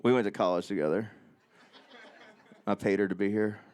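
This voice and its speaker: A man's voice: lowish voice, steady tone, moderate pace, a little mellow. A man, a singer-songwriter, chatting between songs at a small live club, telling rambling, joking anecdotes into a stage mic. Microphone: stage vocal mic.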